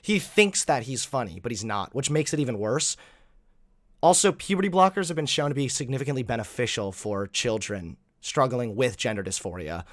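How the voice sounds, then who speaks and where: A man's voice: medium pitch, expressive, a little fast, dry recording, studio quality. A man giving sarcastic, exasperated commentary while reacting to clips.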